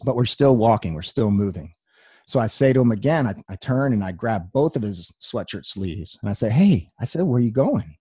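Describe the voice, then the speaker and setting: A man's voice: on the low side, animated, a little fast, warm tone, breathy edge, no room sound, clean studio sound. A young man giving a personal testimony talk, telling his story earnestly with wry humor.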